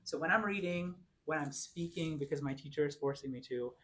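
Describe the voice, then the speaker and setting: A man teaching a Bible class in a church classroom, giving a lecture and patiently explaining, slowing down to repeat example phrases. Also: a little high, fairly bright tone.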